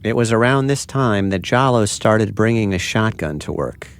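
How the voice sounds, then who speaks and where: Measured male podcast narrator. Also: fairly low pitch, lively intonation, smooth, soft background music. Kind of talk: scripted narration.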